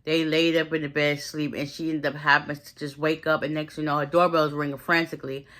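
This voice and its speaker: A woman with a fairly low, sharp, bright voice chats through a movie recap. She talks in loose, slangy run-ons and slips into quick impressions of each character's lines. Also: flat delivery. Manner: chatty, slangy retelling that acts out the characters' lines.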